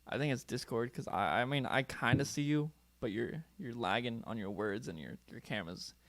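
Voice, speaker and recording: A man's voice: medium pitch, lively intonation, moderate pace, fairly bright tone, dry recording. A man from California with a neutral American accent, hosting a casual interview over a video call. He is chatty and laughs often. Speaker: podcast host.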